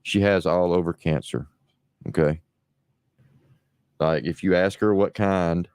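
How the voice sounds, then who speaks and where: A man's voice: low voice, steady tone, a little slow, long pauses, darkish tone, clean tone, dry recording, studio quality. A middle-aged man from New Orleans, hosting a livestream and riffing in a crude, rambling, sarcastic way. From New Orleans, USA. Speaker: livestream host. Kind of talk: casual mocking livestream commentary.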